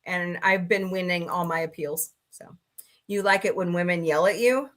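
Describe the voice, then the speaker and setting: Bright, chatty woman hosting a livestream. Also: fairly low pitch, moderate pace. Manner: chatty, sarcastic, greets chat viewers by name. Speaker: livestream talk show host. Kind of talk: casual livestream chat.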